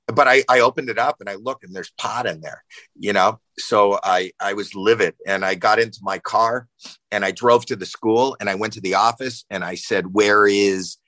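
A man in his sixties, a podcast guest, telling animated stories with lots of fillers and restarts. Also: lowish voice, normal speed, no room sound, poor audio. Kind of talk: casual storytelling.

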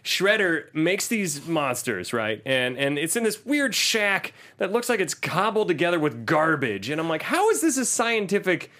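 A man co-hosting a casual chat podcast, animated and jokey, sometimes slipping into silly voices. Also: on the high side, normal speed, few pauses. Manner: animated, puts on silly voices when quoting. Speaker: podcast co-host.

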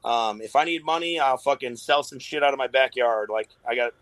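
A man's voice: mid-range voice, a little fast, fairly bright tone, no echo, low-quality recording. A middle-aged man talking casually as a podcast guest, swearing constantly and rambling through his stories in a laid-back way. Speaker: guest, tattoo artist.

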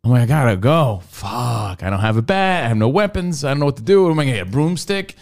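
A man telling a story on a podcast in casual, profane chat. His voice swings widely, leaping high when he acts out what happened. He laughs often along the way. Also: rapid-fire. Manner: animated, jumps high when acting out scenes. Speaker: podcast co-host.

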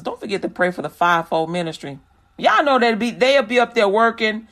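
A man's voice: high voice, normal speed, a bit bright. A man hosting a Christian radio show, talking in a loose, slangy, rambling way and preaching casually to listeners.

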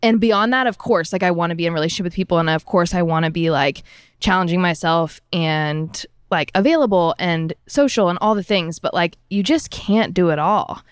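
A woman in her thirties talks in an effusive, rambling way, filling her speech with "like" and speeding up and slowing down as she goes. Her voice is smooth and a little low, and the sound is dry and close. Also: dry recording. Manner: effusive, rambling, full of likes, pace swinging fast and slow. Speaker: book group member. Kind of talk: casual personal sharing.

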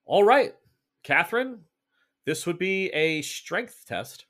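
A man running a tabletop horror game as game master, narrating slowly and deliberately. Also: high-pitched, big pitch swings, a bit bright. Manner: slow, deliberate descriptive narration.

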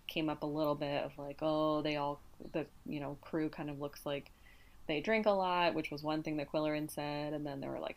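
A woman co-hosting a podcast, casually summarizing a book's plot with lots of fillers and restarts, her voice a little hoarse. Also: sits low. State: slightly hoarse. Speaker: podcast co-host. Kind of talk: casual book discussion.

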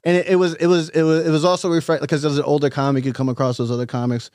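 A man's voice: a little high, level tone, very fast, a little mellow, dry recording, clean studio sound. A middle-aged man, a comedian, chatting casually on a podcast in a rambling way, often acting out quotes and laughing. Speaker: comedian guest.

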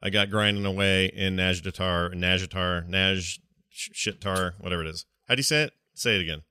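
A man's voice: sits low, steady tone, a little fast, sharp tone, clear, resonant tone, dry recording, clean studio sound. A man in his thirties co-hosting a podcast, rambling and self-deprecating in casual chat. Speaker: podcast co-host.

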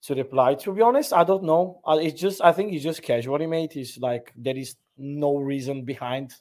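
A man's voice: on the high side, moderate pace, a little mellow. A man whose first language is Italian co-hosts a football podcast, giving laid-back, short replies with loose grammar. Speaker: podcast co-host. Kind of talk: casual football podcast chat.

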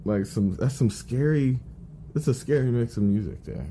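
A man's voice: medium pitch, normal speed, mellow, slight background noise. A man co-hosting a podcast, chatting casually, joking and laughing often while drinking champagne. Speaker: podcast co-host. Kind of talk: casual chat.

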